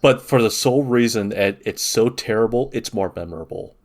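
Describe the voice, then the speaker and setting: A man's voice: lowish voice, a little fast. A man making contrarian arguments in casual podcast chat over drinks.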